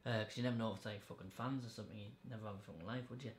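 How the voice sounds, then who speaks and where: Male podcast host, blunt and sweary, mid-pitched, echoey room. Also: steady tone, racing, a little hiss or hum. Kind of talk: casual chat.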